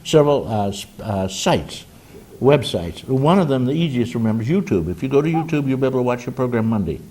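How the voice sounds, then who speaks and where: A man's voice: medium pitch, animated, fast talker, mellow. An older man hosting a community call-in talk show, chatting in a joking, folksy way with frequent restarts. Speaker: host.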